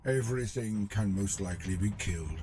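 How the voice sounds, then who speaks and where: A man's voice: fairly low pitch, a little fast, dark tone, lightly acted. A man playing a solemn Space Marine, Glorial. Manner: formal, solemn. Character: grave male Space Marine scout, dutiful. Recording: video audio over music.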